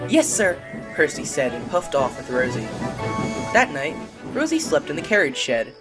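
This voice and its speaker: A narrator telling a children's train story in an expressive, sing-song way. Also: medium pitch, normal speed, over music.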